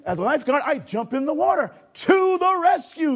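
A man preaching a sermon, addressing the congregation directly and acting out a lifeguard rescue with shouting. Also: extremely high pitch, animated, fairly quick, few pauses. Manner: calls for audience response.

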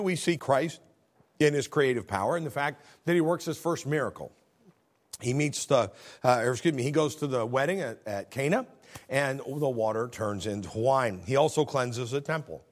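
A middle-aged male pastor giving a sermon, building to emphatic, raised passages and then dropping low and soft. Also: animated, normal speed. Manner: leads a call-and-response scripture reading.

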